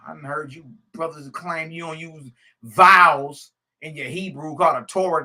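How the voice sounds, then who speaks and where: A man's voice: a little high, normal speed, bright, forceful tone. A man teaching a religious lesson, reading a scripture text aloud and breaking off into casual, laughing commentary that keeps asking "Hmm?" and "Huh?". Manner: laughs often while he talks.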